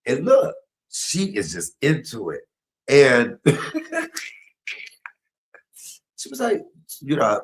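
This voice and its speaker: A man's voice: mid-range voice, huge pitch swings, very slow, pauses often, low-quality recording. A middle-aged man, telling stories on a home cooking livestream, chatty and laughing. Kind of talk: casual storytelling while cooking.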